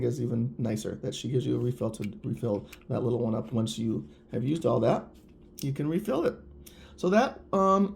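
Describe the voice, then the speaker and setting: Gravelly man gushing over polish. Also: medium pitch, dark tone, slight background noise. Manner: gushing, chatty, addresses viewers directly. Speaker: nail polish reviewer. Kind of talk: casual product review vlog.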